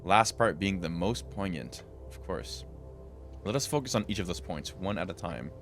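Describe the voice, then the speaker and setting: A man's voice: sits low, expressive, moderate pace, creaky, music in the background. A man streaming a role-playing video game, reading the dialogue aloud in varied character voices and breaking in with dry remarks of his own.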